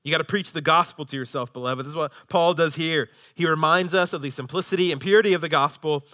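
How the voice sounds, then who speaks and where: A male pastor preaching a sermon, moving between hushed, almost whispered lines and loud, impassioned passages. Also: fairly high pitch, fast, few pauses.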